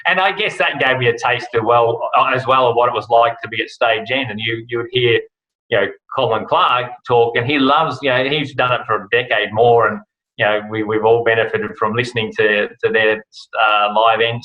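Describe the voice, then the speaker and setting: A man's voice: mid-range voice, fairly even intonation, moderate pace, muffled recording. An Australian man talking casually as an interview guest, rambling with many fillers and restarts. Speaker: guest, rally broadcast host. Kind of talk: relaxed podcast interview.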